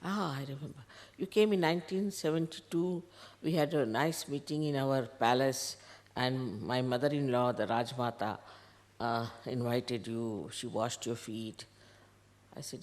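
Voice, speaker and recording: An older woman tells a story to her followers, quoting each person in turn, with soft laughs. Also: rumbling low, unhurried. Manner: animated anecdote, quoting others in dialogue, soft laughs. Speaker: spiritual teacher.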